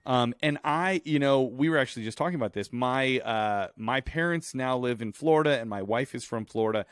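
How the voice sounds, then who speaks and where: A man from Chicago co-hosting a relaxed podcast chat, chatty and laughing easily. His voice sits at a middle pitch. The sound is close and dry, with no room around it. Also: brisk, clean tone, no room sound. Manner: chatty, laughs often, sing-song greeting. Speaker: podcast co-host. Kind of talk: casual chat. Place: home studio in Southern California.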